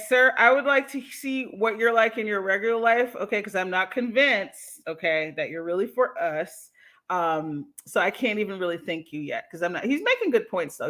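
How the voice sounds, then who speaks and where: A woman's voice: mid-range voice, fairly bright tone. A woman hosting a livestream, reacting to a clip in a casual, slangy way and laughing often. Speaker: livestream host.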